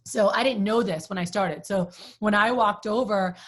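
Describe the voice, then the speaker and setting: A woman's voice: mid-range voice, moderate pace, breathy edge. Woman sales trainer, chatty storyteller, casual group talk. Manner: chatty storyteller, many "like" fillers; asks the group questions.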